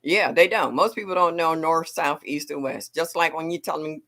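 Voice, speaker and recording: A middle-aged woman hosting a gardening livestream talks straight to her viewers in a loose, chatty way. She is animated and laughs easily. Her voice comes across bright and forceful. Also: low-pitched, moderate pace. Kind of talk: casual livestream chat.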